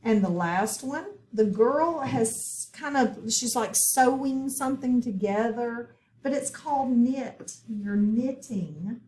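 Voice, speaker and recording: A woman walks learners through a phonics worksheet, speaking very slowly and repeating each word with care. Her voice sits a little high for a woman. The room around her is echoey. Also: mellow. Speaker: phonics teacher. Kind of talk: slow, deliberate phonics lesson.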